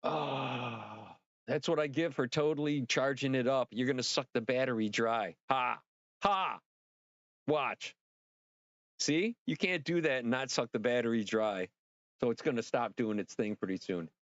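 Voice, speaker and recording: A man hosting a casual livestream, rambling and excitable, swearing freely and talking straight to his viewers. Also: medium pitch, unhurried, dry recording, highs cut off. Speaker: livestream host.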